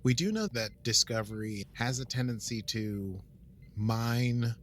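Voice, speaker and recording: A man co-hosting a podcast in casual chat, talkative, animated and self-deprecating. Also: medium pitch, measured pace. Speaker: podcast co-host.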